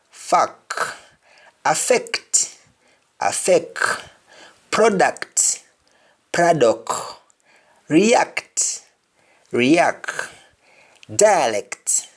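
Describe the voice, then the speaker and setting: A man giving a pronunciation lesson at a very slow, careful pace. He says each word and then says it again, and his pitch rises and falls widely from word to word. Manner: deliberate, says each word twice to contrast sounds. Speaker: pronunciation teacher.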